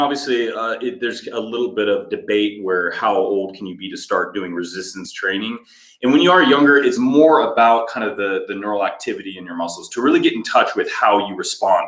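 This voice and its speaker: A man's voice: on the low side, a bit bright, roomy sound. A man co-hosting a fitness channel, casually answering viewer comments and explaining exercises with lots of fillers. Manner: easygoing, explanatory, many fillers.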